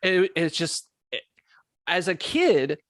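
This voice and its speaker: A man's voice: a little high, very animated, slow pace, fairly bright tone, no echo, studio quality. A man hosting a podcast, chatting casually in a rambling, emphatic way, swearing and tripping over words. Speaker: podcast host. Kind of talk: casual chat.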